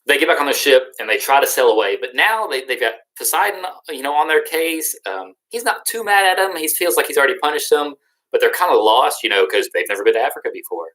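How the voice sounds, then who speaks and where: A man's voice: medium pitch, expressive, fast talker, a bit bright, poor audio. Casual, slangy young male teacher. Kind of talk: casual recorded lesson recap.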